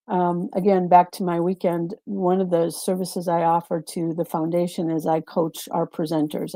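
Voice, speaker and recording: A woman's voice: lowish voice, creaky, warm tone, dry recording. A woman who coaches presenters, speaking over a video call in a reflective way and repeating words for emphasis. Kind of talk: casual panel chat.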